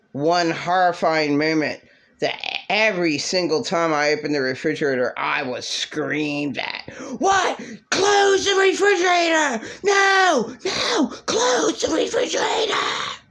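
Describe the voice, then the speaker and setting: A woman ranting angrily about her past, bitter and swearing, now and then mocking others in a shrill voice. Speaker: vlogger. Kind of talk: angry personal rant.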